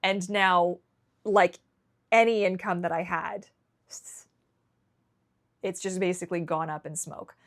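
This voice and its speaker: A woman's voice: fairly low pitch, steady tone, slow pace, pauses often. A Canadian woman vlogging candidly, emotional and rambling, often restarting her sentences. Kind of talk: candid personal vlog.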